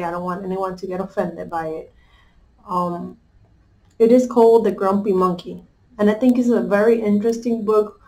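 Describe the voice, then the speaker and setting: Slow-talking woman coach telling a story. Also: mid-range voice, poor audio. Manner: conversational, checks in with listeners. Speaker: life coach. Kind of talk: casual storytelling talk.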